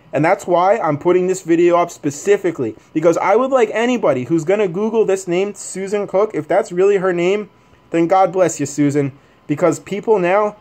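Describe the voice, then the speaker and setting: A man's voice: sits high, darkish tone. A man vlogging, telling a story to camera in a rambling, agitated way, with many fillers and restarts.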